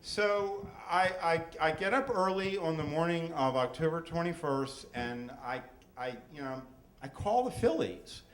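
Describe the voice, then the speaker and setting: A man's voice: on the high side, expressive, measured pace. A man in his sixties from southeastern Pennsylvania telling a personal story at a live story slam, chatty and full of stammered restarts. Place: stage in a room with an audience. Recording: echoey live room, faint noise.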